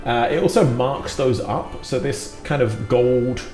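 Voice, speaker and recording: A man's voice: medium pitch, measured pace, darkish tone. A British man casually hosting a gameplay livestream, chatty and joking with self-deprecating asides. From United Kingdom. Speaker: community manager and stream host. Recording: roomy sound with faint music.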